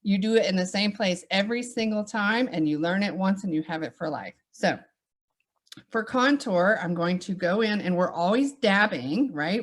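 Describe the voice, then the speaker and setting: A woman with a Southern US accent giving a makeup demonstration, upbeat and reassuring as she walks through each step. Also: lowish voice. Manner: upbeat, reassuring, chatty teaching. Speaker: makeup instructor.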